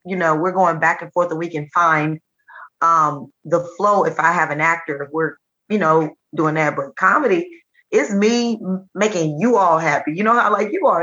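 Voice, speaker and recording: A woman with a low voice that still rings bright and forceful talks casually as a podcast guest. She tells stories with animation and acts out quoted lines. The audio is a bit dull and lo-fi. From Nashville. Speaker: comedian and teacher, podcast guest. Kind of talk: casual interview chat.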